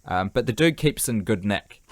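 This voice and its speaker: A man's voice: lowish voice, expressive, moderate pace. A man co-hosting a podcast, rambling and joking casually, tired and hungry. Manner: jokey, rambling, swears casually. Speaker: podcast co-host. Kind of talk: casual chat.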